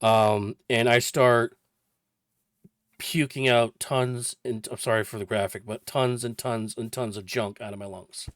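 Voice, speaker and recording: A man in his forties tells a personal story in a loose, rambling vlog style, piling on detail as he goes. His voice sits at an ordinary middle pitch. It is recorded close and dry, with no room sound. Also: fairly even intonation, a little slow, dry recording. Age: 40s. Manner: chatty, rambling recounting with detail. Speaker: vlogger.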